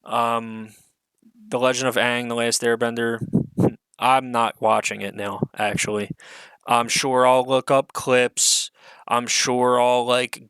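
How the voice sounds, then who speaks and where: A man's voice: mid-range voice, fairly bright tone, clean tone, dry recording, low-quality recording. A man giving an unscripted solo rant as an online commentator, profane, exasperated and sarcastic, swearing often amid fillers.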